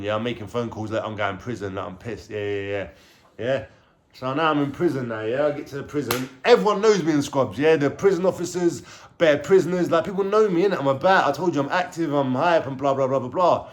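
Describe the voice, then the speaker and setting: A man with a London accent recounts a story straight to camera, lively and animated. His talk is loose and streetwise, thick with slang and casual swearing. His voice sits at an ordinary middle pitch for a man. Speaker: vlogger telling his life story.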